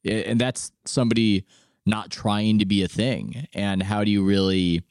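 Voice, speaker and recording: A man hosts a casual podcast chat, giving his opinions freely and teasing his guest. His voice sits low, and the sound is dry and close. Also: steady tone, normal speed, a little mellow, no echo. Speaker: podcast host. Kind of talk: casual conversation.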